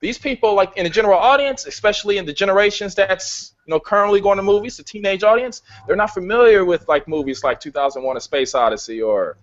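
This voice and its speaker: A man on the high side argues his case about a film, cursing freely and pushing his points hard. The sound is muffled and lo-fi, like a video call. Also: fast talker, few pauses. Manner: swears a lot, casual and emphatic. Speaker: film reviewer. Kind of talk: casual debate.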